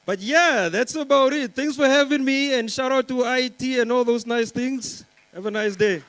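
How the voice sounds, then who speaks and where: This young Namibian man's voice is very high-pitched, fairly bright and smooth, moving at a moderate pace. He performs chatty, rambling stand-up at a conference, teasing the live audience with lots of fillers. The recording is dry and rough.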